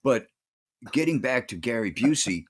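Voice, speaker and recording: A man co-hosting a movie podcast, talking casually and haltingly with many fillers. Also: medium pitch, lively intonation. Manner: rambling, hesitant with many fillers. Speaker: podcast co-host. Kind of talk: casual movie review chat.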